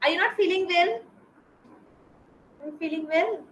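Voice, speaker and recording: Teacher lady, high bright voice, patient, repeats stuff for little kids on a video call, echoey room. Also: normal speed, a little hiss or hum. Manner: patient, repeats and spells out sounds for small children. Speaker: kindergarten teacher. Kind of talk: online class teaching. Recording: roomy echo.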